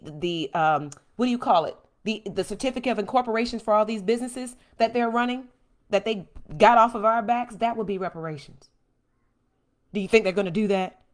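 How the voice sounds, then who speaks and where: A woman hosting a livestream from home, speaking with passion and answering viewer comments. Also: mid-range voice. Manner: impassioned, animated, reads and answers viewer comments. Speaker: host.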